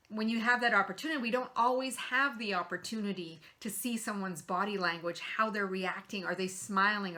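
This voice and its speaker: A woman's voice: mid-range voice, pushed and bright. A middle-aged woman hosting a show, giving earnest coaching tips in a motivational talk with rhetorical questions. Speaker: host.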